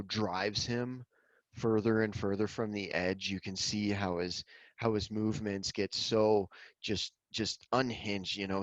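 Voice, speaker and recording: Man podcast co-host, fairly low voice, dry close sound, earnest and halting film talk. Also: no echo, highs cut off. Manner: earnest, repeats words as he gathers thoughts. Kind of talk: casual film discussion.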